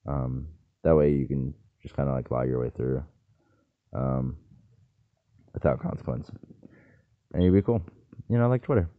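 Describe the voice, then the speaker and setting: A man with an extremely low, gravelly voice rambles through a casual monologue. He keeps checking in with "right?" as he talks. The sound is thin and tinny, like a phone line. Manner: rambling, asks "right?" often, swears.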